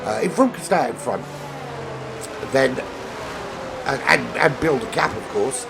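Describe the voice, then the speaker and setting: A man with a cold and a nasal voice, commentating an online sim racing league, rambling into asides and getting excited during close battles. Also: medium pitch, unhurried, creaky, long pauses. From not American. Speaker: race commentator. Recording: game music and engine noise behind. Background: racing game audio and music.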